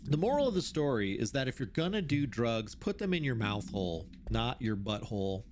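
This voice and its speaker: Lively joking man streaming a game. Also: medium pitch, fairly quick, background noise. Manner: joking, reacting aloud while reading in-game notes. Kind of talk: live gameplay commentary.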